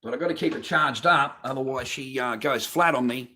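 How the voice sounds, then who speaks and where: A man's voice: medium pitch, brisk, sharp tone, a little hiss or hum. A man hosting a live stream from his garage on a phone camera, talking casually in a blunt, profane, ranting way. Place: home garage.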